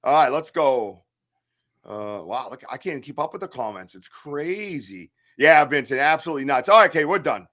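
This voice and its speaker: A man's voice: medium pitch, animated, moderate pace, fairly bright tone. A man with an American accent co-hosting a casual live stream, hyper and rambling as he greets viewers by name. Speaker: co-host of a live research stream.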